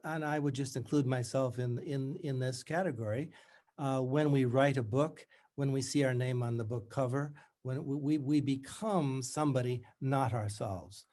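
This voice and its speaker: A man in his seventies, an author, talking reflectively about writing and reading from his book in a measured storytelling manner. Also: medium pitch, fairly even intonation, mellow. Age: 70s.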